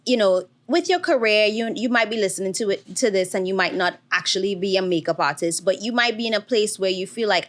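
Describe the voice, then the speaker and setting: A woman's voice: medium pitch, a bit bright. A woman in her thirties hosting her own podcast, talking candidly with lots of fillers and fighting back tears. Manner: candid, chatty, emotional with frequent fillers. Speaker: podcast host. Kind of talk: casual solo podcast monologue.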